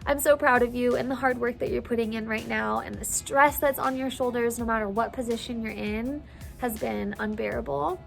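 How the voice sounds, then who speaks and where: A woman's voice: on the high side, steady tone, moderate pace, gravelly, faint music behind. Teary, gushing woman teacher vlogging. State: tearful. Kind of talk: casual vlog update.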